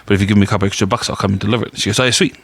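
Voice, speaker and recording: A man's voice: fairly low pitch, fairly even intonation, rapid-fire, gravelly, fairly bright tone, breathy edge, dry recording. A man, co-hosting a podcast and telling a long rambling story in casual chat. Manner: rambling anecdotal storyteller, quotes people in his own voice. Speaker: podcast co-host.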